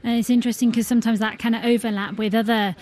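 A woman hosting a radio discussion, briskly inviting her guests to speak. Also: fairly high pitch, level tone, a little mellow. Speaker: radio host.

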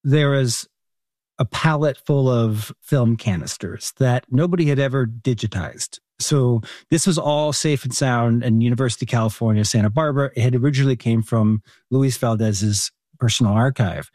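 A man's voice: mid-range voice, moderate pace, a little mellow, no echo, studio quality. A man, a documentary filmmaker, answering interview questions in an earnest, heartfelt way with frequent restarts. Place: home room.

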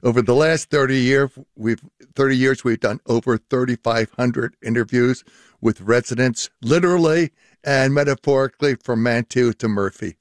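A man's voice: medium pitch, normal speed, no echo, studio quality. An older man, a linguistics professor, explaining in a radio interview with many fillers.

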